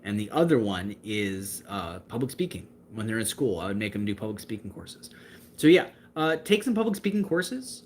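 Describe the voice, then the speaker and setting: A man's voice: lowish voice, sing-song, moderate pace, a little hiss or hum. A young man chatting casually on a livestream, talkative and full of fillers as he answers viewers. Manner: talkative, gestures with hands, fillers and restarts. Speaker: livestream host answering chat.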